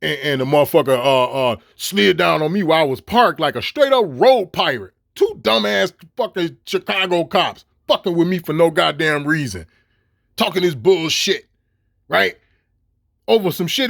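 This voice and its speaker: Middle-aged man with a high, dry voice; cussing, stop-start vlog rant. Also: normal speed, vocal fry, no echo. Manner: animated and swearing, with laughs and repeated stammered restarts. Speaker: vlogger. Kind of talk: profane ranting monologue.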